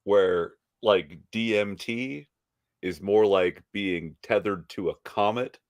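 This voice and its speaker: A man's voice: fairly low pitch, takes it slowly, no echo, muffled recording. A man co-hosting a casual podcast who builds long, playful comparisons as he talks. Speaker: podcast co-host. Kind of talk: casual chat.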